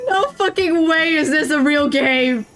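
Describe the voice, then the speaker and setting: A woman's voice: very high voice, a bit bright. A woman streaming a game, chatting casually, swearing a lot and laughing often while reading game text aloud.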